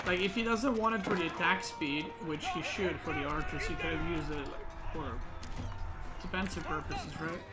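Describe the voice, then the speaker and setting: A man sits at a desk microphone, casually breaking down a recorded match and thinking out loud. His voice sits a touch high and he leans on "like" and "right?" as fillers. Music plays clearly underneath him. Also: moderate pace. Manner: thinks aloud, filler-heavy, says "like" and "right?" a lot. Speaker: game analysis host.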